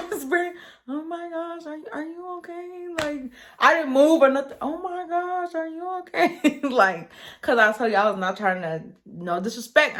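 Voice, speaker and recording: Young woman doing a storytime vlog, chatty, acts out what people said, mid pitch. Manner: chatty and animated, acts out quotes, laughs often.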